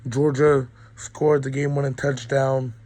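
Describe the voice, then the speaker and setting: A man's voice: mid-range voice, little pitch movement, measured pace, warm tone, dry recording, poor audio. A young man with a cold giving a rambling, opinionated college football recap, full of ums. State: sick, coughing. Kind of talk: casual sports recap monologue.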